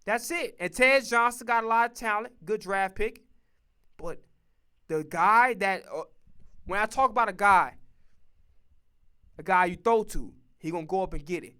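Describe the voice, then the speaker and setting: A man's voice: high voice, moderate pace, pauses often, pushed and bright, clean tone. A man streaming, ranting casually and profanely about football picks, emphatic and repetitive. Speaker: streamer and sports commentator. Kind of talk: casual sports opinion rant.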